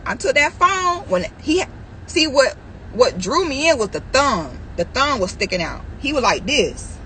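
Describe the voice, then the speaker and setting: A woman's voice: high-pitched, big pitch swings, unhurried, pushed and bright, slight background noise, poor audio. A woman vlogger telling a story and ranting straight to her viewers, acting out what people said and laughing often. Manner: acts out quoted voices, laughs often, addresses viewers directly. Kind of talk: animated storytelling rant.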